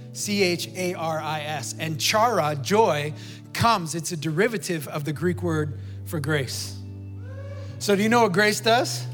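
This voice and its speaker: A man's voice: on the high side, a little slow, long pauses, fairly bright tone, in a large hall, faint music behind. A man preaching a sermon, earnestly urging the congregation and leading a prayer in a church. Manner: earnest, urging, repeats short pleas. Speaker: pastor. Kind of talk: sermon with altar call and prayer. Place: church sanctuary with balcony.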